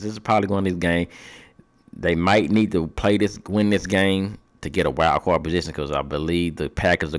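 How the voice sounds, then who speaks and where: A young man with a low voice talks through football predictions off the cuff. He is slangy and casual, swears now and then, and thinks out loud as he goes. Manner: loose, slangy and profane, thinking aloud. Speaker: podcast host. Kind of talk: casual sports prediction talk.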